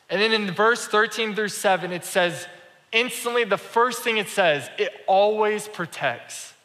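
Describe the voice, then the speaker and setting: Pastor, male, chatty storyteller sermon; bright tone, big reverberant room. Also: high voice. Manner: conversational storytelling, acts out quoted dialogue. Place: church sanctuary. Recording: reverberant church hall.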